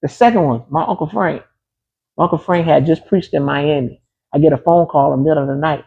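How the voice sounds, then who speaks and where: A man's voice: fairly high pitch, brisk, vocal fry, breathy edge, narrow, tinny audio. A man being interviewed, telling a personal story in a casual, emphatic way, often repeating key phrases. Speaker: interview guest.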